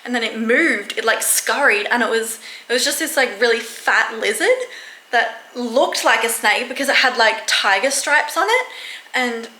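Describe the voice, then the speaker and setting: Bright, chatty woman vlogger. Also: a little high, lively intonation. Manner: chatty, self-mocking, quick to laugh. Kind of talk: casual vlog talk to camera. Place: room at home. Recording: echoey room.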